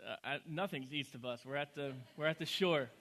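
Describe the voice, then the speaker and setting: Male pastor, sermon, high-pitched, bright tone, casual humorous storytelling. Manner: conversational, humorous storytelling with quick asides.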